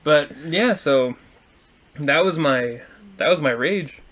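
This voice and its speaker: A man co-hosting a podcast, telling a story in casual, profane chat and acting out the insults he shouted. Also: a little high, slow. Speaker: podcast co-host.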